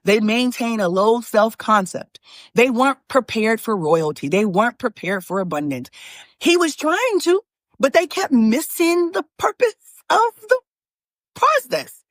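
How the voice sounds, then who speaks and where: A woman with a fairly high voice gives a motivational talk on her own channel, preachy and animated, calling her viewers y'all. She restarts her sentences often. Her voice sounds close and dry, with no room around it. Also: a little slow, dry recording. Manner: frequent restarts and fillers. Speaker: manifestation coach and channel host.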